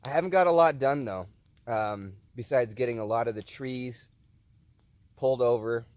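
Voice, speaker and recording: A man's voice: mid-range voice, moderate pace, a little mellow, dry recording. A man vlogging at a winter backcountry camp, chatting casually and relishing his camp food as he eats. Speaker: outdoor vlogger. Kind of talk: casual vlog chat while cooking and eating.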